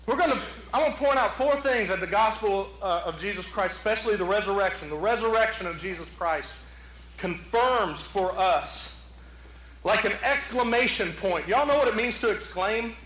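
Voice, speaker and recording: A man preaching a sermon as pastor, animated, rising to shouts and dropping into playful asides. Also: high voice, normal speed, roomy sound, slight background noise, low-quality recording. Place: church sanctuary.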